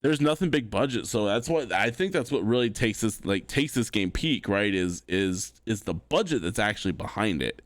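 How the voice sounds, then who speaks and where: A man's voice: on the low side, lively intonation, normal speed, few pauses, dry recording. A man co-hosting a gaming podcast, sarcastically piling up rhetorical questions. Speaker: podcast co-host. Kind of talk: casual gaming chat.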